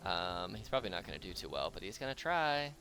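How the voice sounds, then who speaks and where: A man's voice: deep voice, big pitch swings, fast, over music. A man running a tabletop game as game master, narrating casually with fillers and laughs.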